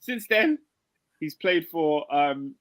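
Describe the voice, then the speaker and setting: A man's voice: on the high side, lively intonation, slow, a bit bright. A young man, co-hosting a football podcast, setting a player quiz with restarts and chuckles. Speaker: podcast co-host. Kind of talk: casual football chat.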